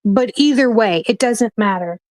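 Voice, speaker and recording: As a guest in a heated livestream chat, a woman with a fairly high voice talks animatedly and emphatically at normal speed. She goes on in long, rambling runs and swears freely. The sound is close and dry, without room echo.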